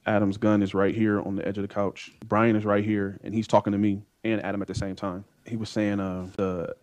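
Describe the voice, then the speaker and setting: A man's voice: on the low side, little pitch movement, darkish tone. A man on the witness stand, recounting events in testimony and acting out what others said. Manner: rapid storytelling that acts out others' remarks.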